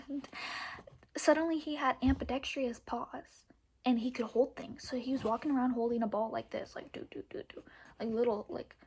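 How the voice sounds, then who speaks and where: A woman's voice: sits high, fairly even intonation, moderate pace, darkish tone, slight background noise. A young woman vlogger telling her dreams in a rambling, casual way, often drifting into a whisper.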